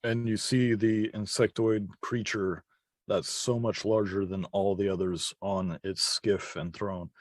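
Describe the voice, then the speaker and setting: A man narrating as game master with deliberate, descriptive delivery. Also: lowish voice, level tone, no echo.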